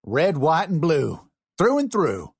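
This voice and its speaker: A man performs a brash young Southern man, pitching his voice above his own natural range so it sounds fairly high, with big pitch swings at a moderate pace. The recording is clean studio sound with no echo.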